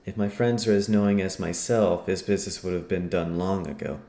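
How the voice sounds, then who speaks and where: A man reading as a boastful, gruff thief chief. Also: sits low, fairly even intonation, fairly quick, dark tone, roomy sound. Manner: boastful, blustering.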